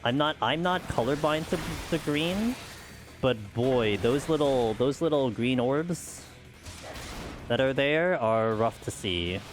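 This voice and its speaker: A man's voice: mid-range voice, lively intonation, takes it slowly, background noise. A man streaming a game, chatting casually with viewers in a rambling way full of "like" and "you know". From United States. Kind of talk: casual chat while playing.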